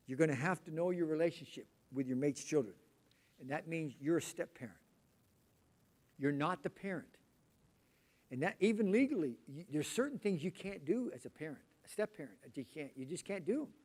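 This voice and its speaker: A middle-aged man preaching in a loose, conversational way, his voice sitting a little high for a man. He rambles and restarts, and he slips into little acted-out voices when he quotes people. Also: darkish tone. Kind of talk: sermon. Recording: poor volume quality.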